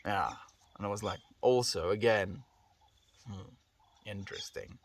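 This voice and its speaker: A South African man hosts a relaxed live stream, reading messages aloud and answering each viewer with gentle affection. His voice sits a little low and comes across dry and close, with no room around it. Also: unhurried, no echo. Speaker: livestreamer.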